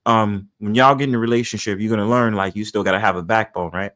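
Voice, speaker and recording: A man's voice: on the low side, steady tone, quick pace, fairly bright tone. Blunt, opinionated New man. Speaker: livestream host. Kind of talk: casual livestream talk.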